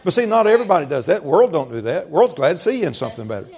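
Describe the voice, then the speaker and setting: A middle-aged pastor with a gravelly, fry-edged voice set a little high for a man. He preaches in a folksy storytelling way, chuckling and acting out conversations as he goes. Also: very animated, very fast, a little mellow. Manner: folksy storytelling with laughter and quoted dialogue. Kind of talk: sermon.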